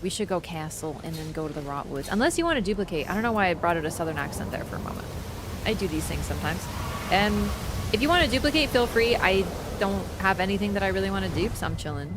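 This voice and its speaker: A woman streaming a video game in casual chat, excitable, swearing and yelping when startled. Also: lowish voice, quick pace, background noise. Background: game music.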